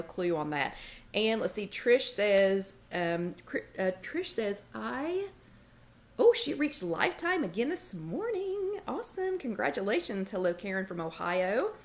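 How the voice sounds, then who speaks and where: Chatty woman hosting a livestream. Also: medium pitch. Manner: chatty, greets viewers by name and reads their comments aloud; breaks off to scold her dog. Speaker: host of a weight-loss support livestream. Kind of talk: casual livestream chat. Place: home kitchen.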